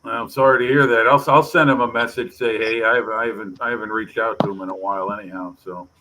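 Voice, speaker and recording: A man's voice: lowish voice, fairly even intonation, fast talker, noisy background. A man co-hosting a casual group video chat, chatty and wryly teasing. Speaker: co-host of a modelling video chat.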